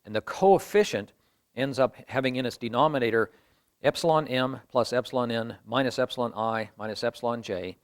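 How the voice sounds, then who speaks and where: A man's voice: medium pitch, brisk. A man lecturing a university class, explaining each step patiently and thinking aloud as he works through equations at the board.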